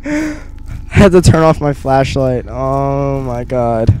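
A young man giving nervous let's play commentary on a horror game, muttering to himself and bursting into panicked yelps, recorded on a gaming headset in a dark room. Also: medium pitch, huge pitch swings, slow, slight background noise. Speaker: gamer.

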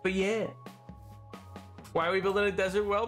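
A man's voice: high voice, level tone, normal speed, fairly bright tone, faint music behind. A young man streaming a game, chatting casually, answering questions aloud and rambling playfully with lots of self-corrections. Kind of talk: casual livestream chat while gaming.

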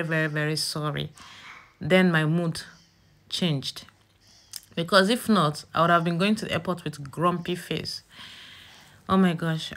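A woman narrating a casual family vlog, chatty and tired, often calling her viewers guys. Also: lowish voice. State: tired, exhausted. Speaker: family vlogger.

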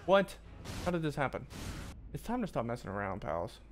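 Excitable man streaming a game. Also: mid-range voice, normal speed, soft background music. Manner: excitable, swearing, talks to the game. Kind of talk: gaming commentary.

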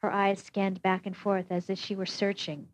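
A woman narrating an audiobook in a steady, measured first-person reading. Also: mid-range voice, no room sound. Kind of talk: scripted narration. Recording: dull, dry lo-fi recording.

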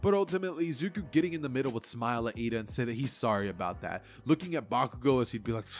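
A man's voice: medium pitch, lively intonation, rapid-fire, hardly any pauses, soft background music. A young man narrating a fan-made anime what-if story in a casual, rambling way.

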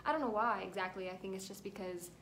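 A woman's voice: medium pitch, fast, a bit bright, a little hiss or hum. A young woman telling a rambling, emotional storytime vlog at home, at times close to tears. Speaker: vlogger.

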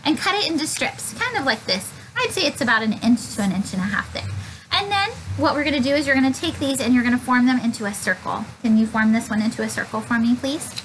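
A woman's voice: on the high side, lively intonation, quick pace, a bit bright, a little hiss or hum, rough recording. A woman Sunday school teacher leading a children's craft, upbeat and encouraging.

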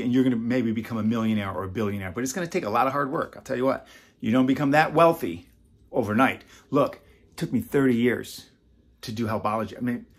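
A man in his fifties hosting a casual talk to camera, animated and teasing, dropping from loud bursts to a hush. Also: medium pitch, slightly rough. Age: 50s. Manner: animated, swinging between loud and hushed, teasing. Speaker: self-help author and host.

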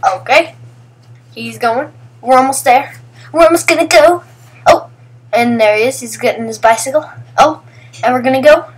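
A young woman talks over her own footage in a loose, rambling voice-over. Her voice sits a little on the high side. She chats casually and acts out what her friends say. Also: normal speed, pauses often, slightly rough, distant mic. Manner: rambling and chatty, narrating what friends do and acting out their lines. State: sleepy, just woke up. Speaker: vlogger. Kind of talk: casual voice-over commentary on video clips.

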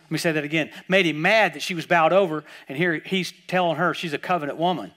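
A man preaching a sermon at a church service, telling stories and swinging between quiet asides and loud, emphatic bursts. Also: a little high, fast talker.

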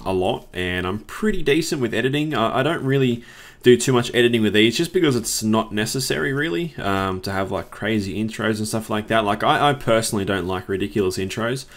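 A young man with a slightly low voice, talking through a game in relaxed, rambling commentary. He chats loosely to his viewers and drops the odd curse when the game annoys him. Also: brisk. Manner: rambling, chatty, swears when frustrated. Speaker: let's play host. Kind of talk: casual gameplay commentary.

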